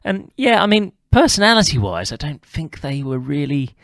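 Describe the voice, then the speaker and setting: A man's voice: fairly high pitch, sing-song, normal speed, vocal fry, a bit bright, no echo, clean studio sound. A man hosting a podcast, casually chatting about a TV episode and tacking on tag questions. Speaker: podcast host.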